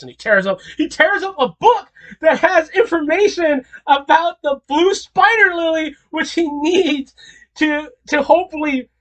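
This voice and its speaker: Man giving a rambling, incredulous rant. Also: very high-pitched. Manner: animated, incredulous, rambling with repeats. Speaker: video creator. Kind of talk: casual commentary monologue.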